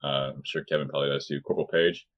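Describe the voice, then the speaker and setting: A man in casual podcast chat who adds quick, dry remarks. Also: rumbling low, level tone, highs cut off.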